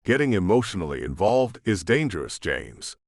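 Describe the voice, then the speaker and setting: A paranoid male hacker, voiced by a man reading an audiobook, who answers in curt, dismissive bursts. His voice sits low but moves around a lot in pitch. The sound is dry and close, with no room around it. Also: very animated, moderate pace, no echo, full character voice. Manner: clipped, dismissive. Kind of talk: audiobook character voice.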